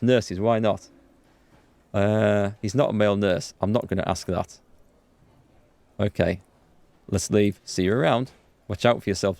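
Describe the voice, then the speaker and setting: A man hosting a let's play, reading the game's dialogue aloud with quick asides to viewers. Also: gravelly, dry recording. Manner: reads dialogue aloud with quick asides, jumps in pitch when excited. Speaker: gaming channel host.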